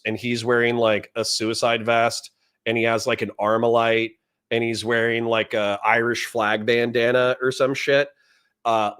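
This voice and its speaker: A man hosting a live stream, chatting casually and breaking into laughter. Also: mid-range voice. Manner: animated, laughs a lot. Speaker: stream host.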